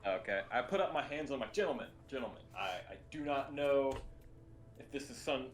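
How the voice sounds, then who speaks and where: A man's voice: mid-range voice, animated, a little fast, a little hiss or hum. Polite stammering man in a tabletop game. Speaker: player. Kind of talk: tabletop role-play.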